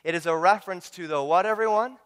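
A man's voice: high-pitched, fast, fairly bright tone, smooth. A man preaching a sermon through a Bible study guide, emphatic, repeating words and calling out to his congregation. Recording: long reverb of a large hall.

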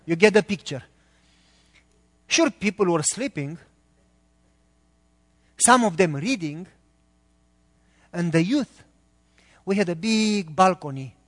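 Male preacher, Romanian accent, earnest sermon delivery, slightly high voice, reverberant church hall. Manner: earnest, talks quickly when excited, pauses between phrases. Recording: long reverb of a large hall.

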